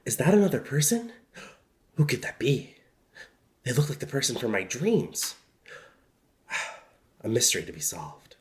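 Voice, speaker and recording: A man's voice: mid-range voice, wildly swooping pitch, measured pace, pauses often. A man voicing an earnest teenage boy hero who muses with wide-eyed wonder. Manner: wide-eyed, musing, sighing.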